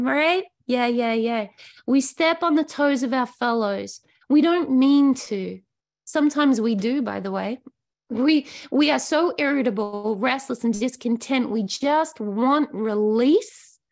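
A woman speaks earnestly in a recovery share, her voice pitched high with a noticeable gravelly fry. She talks in a heartfelt, searching way, stopping and restarting her phrases as she works through her thoughts for an online group.

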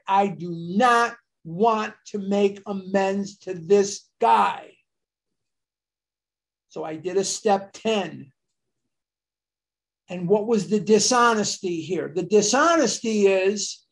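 A man's voice: sits high, creaky. An older man sharing his story at a recovery meeting, earnest and confessional, with emphatic bursts. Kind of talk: personal storytelling share.

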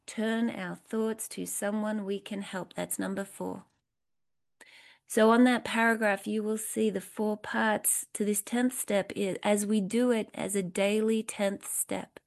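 Woman study leader, unhurried and instructive, with a gravelly voice. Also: mid-range voice. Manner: slow, deliberate, instructive, lists points one by one. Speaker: recovery program study leader. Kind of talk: step study lesson, reading aloud and explaining.

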